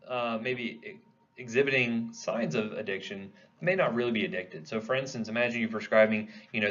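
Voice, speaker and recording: The voice is medium-pitched with a fairly bright tone, heard through dull audio. This pharmacology lecturer keeps the class talk conversational, raising questions and supplying the answers himself.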